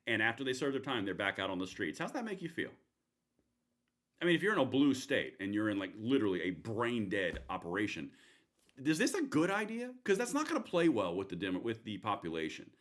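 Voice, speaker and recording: Man streaming political commentary, lively swooping pitch, rambling, sarcastic. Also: fairly quick. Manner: rambling, sarcastic, with many restarts. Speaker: livestream host.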